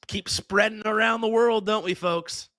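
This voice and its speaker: A male darts commentator with a slightly high, bright, forceful voice. He talks through the match in an upbeat, chatty way, often restarting his sentences. The sound is dry and close. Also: fairly even intonation, unhurried, no room sound. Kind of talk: live sports commentary.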